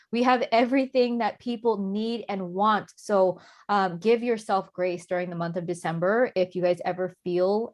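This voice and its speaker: A woman speaking casually to her sales team on a video call, leaning heavily on "like" and "um". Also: mid-range voice. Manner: chatty, heavy on "like" and "um". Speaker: network marketing promoter. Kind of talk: casual Zoom team talk.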